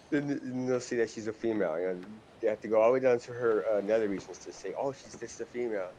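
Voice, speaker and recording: A man's voice: fairly low pitch, fast talker, mellow, a little hiss or hum. A man streaming a game, chatting crudely with friends, rambling and trailing off mid-thought. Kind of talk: crude casual chat.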